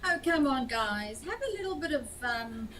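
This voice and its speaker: Lively high-voiced woman on a panel. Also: moderate pace, slight background noise. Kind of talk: opinionated panel chat.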